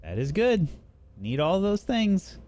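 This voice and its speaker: A man narrating and running a tabletop game as game master, unhurried and full of fillers. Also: sits high, huge pitch swings, darkish tone.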